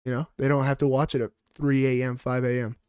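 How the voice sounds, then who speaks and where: A man's voice: mid-range voice, little pitch movement, fast talker, warm tone, clear, resonant tone, no room sound, clean studio sound. A man co-hosting a casual fight-picks podcast, giving blunt, heated, profane opinions. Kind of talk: casual sports chat.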